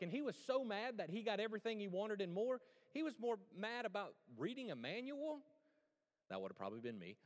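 A high-pitched male pastor preaches in a large hall, a church sanctuary, telling a story with animated energy. Throughout the sermon he asks his listeners questions.

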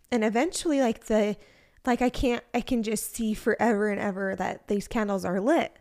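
A woman's voice: medium pitch, steady tone, moderate pace, darkish tone. A woman in her thirties co-hosting a podcast, talking candidly and personally, with lots of "like" in her casual chat. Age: 30s. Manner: chatty, heavy use of "like", candid and personal. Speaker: podcast co-host.

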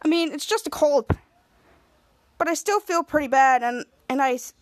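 A woman's voice: high voice, moderate pace, no room sound, close to an everyday voice. A woman voicing a laid-back teenage boy sidekick, talking in an easygoing way. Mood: casual.

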